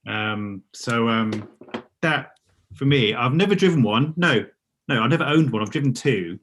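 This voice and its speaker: Relaxed man telling a car story. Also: medium pitch, moderate pace. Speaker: panel regular. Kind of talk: casual video-call chat.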